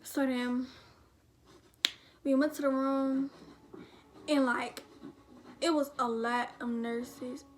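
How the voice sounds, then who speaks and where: High-voiced young woman telling a rambling story. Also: level tone, slow pace, long pauses. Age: teens. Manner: rambling, slangy, frequent "like" and quoted dialogue. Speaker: vlogger. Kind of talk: storytime, casual retelling.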